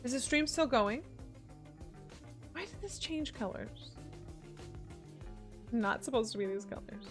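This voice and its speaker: A woman's voice: fairly high pitch, animated, a little slow, pauses often, faint music behind. A woman streaming a video game and chatting casually with her viewers, giggly and teasing. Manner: chatty, giggly, answers chat. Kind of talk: casual live-stream chat.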